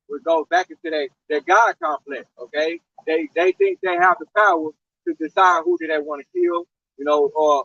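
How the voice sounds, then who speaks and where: A man's voice: on the high side, creaky, sharp tone, no room sound. A man reading scripture aloud and explaining it, punctuating points with "okay?", on a lo-fi recording. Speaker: preacher.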